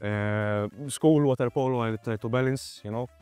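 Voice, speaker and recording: Relaxed young man with a Maltese accent. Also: medium pitch, normal speed, clean tone, dry recording, faint music behind. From Malta. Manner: relaxed, friendly, says "you know" often. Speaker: water polo player, guest. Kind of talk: casual interview answers.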